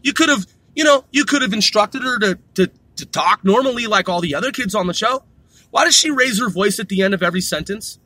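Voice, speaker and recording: High-voiced man ranting profanely. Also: pushed and bright, breathy edge, dry recording. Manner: heated, sarcastic, swears constantly. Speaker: podcast host. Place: in his car.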